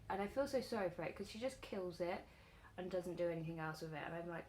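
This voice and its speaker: A woman beauty vlogger chatting casually while doing her makeup, telling an animated story full of fillers. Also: lowish voice, a little fast, a little hiss or hum.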